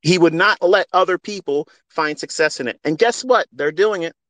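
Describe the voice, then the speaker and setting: A high-pitched male voice at normal speed, fairly bright and without echo, comes through a phone. The speaker is a middle-aged trading mentor hosting a live audio space. He's in an unscripted, heartfelt monologue, preachy and passionate, with blunt swearing.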